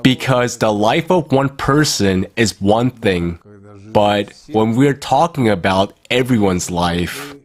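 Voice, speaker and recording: Man, deep voice, very unhurried, measured formal address. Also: expressive. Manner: slow, measured delivery. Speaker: conference speaker. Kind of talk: formal speech.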